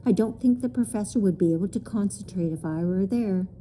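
A woman voicing a gentle male servant creature in a storybook, talking in a careful, deliberate way. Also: mid-range voice, a little hiss or hum, natural voice. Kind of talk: storybook reading.

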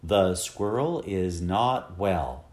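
A bossy, determined mother who spells out each word slowly and loudly, as a man reads her in a storybook. She sounds exasperated with her husband, her voice bouncing in a roomy space. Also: fairly low pitch, very animated. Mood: insistent. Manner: slow, emphatic, exasperated commands. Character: bossy determined mother, middle-aged woman.

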